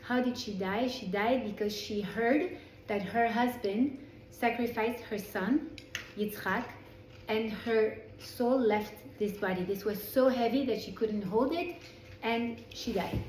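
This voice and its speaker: This French-accented woman from France gives a casual Torah lecture to a small group indoors, chatting along and frequently restarting or correcting her sentences. Her voice is a little high and darkish, with a measured pace. Slight background noise and roomy classroom echo are present.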